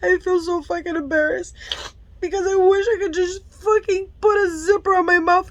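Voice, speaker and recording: A woman's voice: very high-pitched, fairly even intonation, a little slow, pauses often, dry recording. A mother telling a frank personal storytime, emotional and full of swearing, tearful at times. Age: adult parent of a school-age child. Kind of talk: candid storytime vlog.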